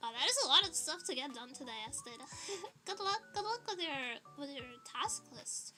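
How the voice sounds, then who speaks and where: A woman's voice: high-pitched, animated, normal speed, sharp tone, faint music behind. A woman streamer in casual livestream chat, rambling and chatty with frequent laughs, slightly out of breath.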